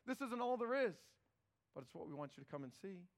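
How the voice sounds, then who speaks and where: A middle-aged male pastor preaching a sermon in a conversational, animated way, often repeating words as he starts phrases. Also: sits high, fast talker.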